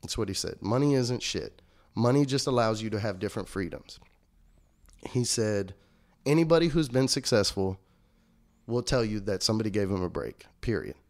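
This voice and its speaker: A man's voice: on the low side, moderate pace. A young man, an interview guest, telling a story in a casual, profane way and acting out the lines of the people in it. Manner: animated, profane, acts out quoted dialogue.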